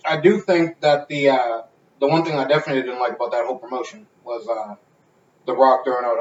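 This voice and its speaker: A man's voice: mid-range voice, fast, a little hiss or hum. Profane, rambling male podcast host. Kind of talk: casual podcast chat. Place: home garage. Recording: roomy, distant, dull garage sound.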